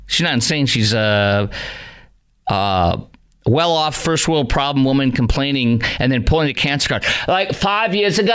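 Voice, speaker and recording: A man's voice: medium pitch, a bit bright. A man hosting a talk radio show, talking in a sarcastic, rambling, mocking way from a studio.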